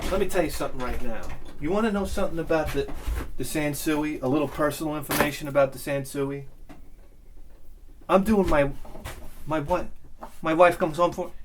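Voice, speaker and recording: A man talking in a rambling, excitable monologue about music, swearing freely and swinging between loud bursts and low muttering. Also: normal speed, pauses often, background noise. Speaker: music and audio vlogger.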